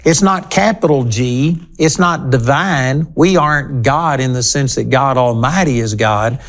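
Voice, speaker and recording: A man's voice: medium pitch, a little slow. A man teaching a sermon on a television program, earnest and emphatic in a conversational way.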